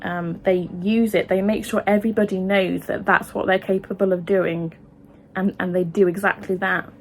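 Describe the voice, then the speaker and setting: Impassioned woman vlogging, halting and emotional. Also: mid-range voice, little pitch movement. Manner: impassioned, halting, with many restarts and ums. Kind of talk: opinion vlog to camera.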